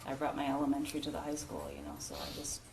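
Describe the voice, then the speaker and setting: A woman, a school principal, giving halting courtroom testimony with many pauses and restarts. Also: extremely low pitch, sing-song, noisy background. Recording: roomy courtroom broadcast audio.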